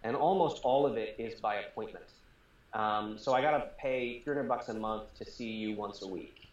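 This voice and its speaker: A man's voice: fairly low pitch, moderate pace. A man, a startup founder, explaining his work earnestly as a guest in a casual interview. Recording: roomy, dull remote audio.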